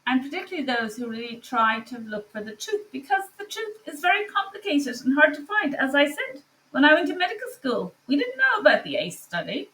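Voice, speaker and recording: A woman physician speaking a personal commentary monologue, passionate and emphatic with frequent pauses. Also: high voice, big pitch swings, pushed and bright. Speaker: physician and online course teacher.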